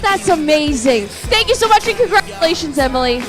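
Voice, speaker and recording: A woman's voice: sits high, lively intonation, a little fast, music in the background. A woman hosting a between-innings contest, upbeat and playful with lots of teasing asides. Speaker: in-game host. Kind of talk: energetic stadium contest hosting.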